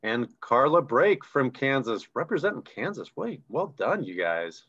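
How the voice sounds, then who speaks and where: A man's voice: mid-range voice, big pitch swings, a little slow, a bit bright, breathy edge. A man co-hosting a live online recognition event, reading names and chatting enthusiastically about ranks over a video call. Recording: dull lo-fi video call audio.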